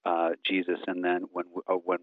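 A man in his forties speaking as an interview guest, earnest and halting with many fillers. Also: deep voice, completely flat delivery, no echo, narrow, tinny audio. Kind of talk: casual interview talk.

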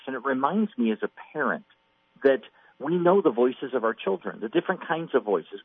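A middle-aged man talks through a Bible passage with earnest emphasis. His voice is husky, and it comes through a dry, narrow, phone-like radio line. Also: a little high, sing-song, normal speed, dry recording. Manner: earnest, emphatic, acts out quoted pleas. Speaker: Bible teacher on a radio program. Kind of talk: conversational Bible teaching.

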